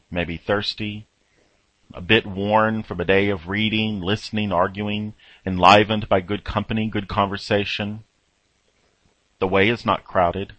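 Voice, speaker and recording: A man delivering a reflective sermon at a very slow, deliberate pace, leaning on long pauses between phrases. His voice sits on the lower side and is recorded dry and close, with no room sound around it. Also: pushed and bright, dry recording, rough recording. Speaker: preacher. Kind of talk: reflective sermon in guided second-person imagery.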